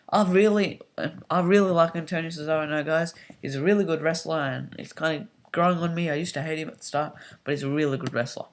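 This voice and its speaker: A young man giving a rambling, casual spoken review full of fillers and restarts. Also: fairly high pitch. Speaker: wrestling show reviewer.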